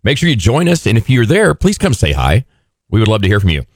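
A man's voice: fairly low pitch, huge pitch swings, fast talker, dry recording. A man hosting a live radio chat show from a studio, with upbeat, chatty banter.

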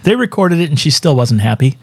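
A man's voice: a little high, very animated, fairly quick, darkish tone, slightly rough, faint music behind. A man co-hosting a radio show in casual banter, chatty and joking as he reads out this day in history. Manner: chatty, laughs often, light joking delivery. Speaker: radio co-host.

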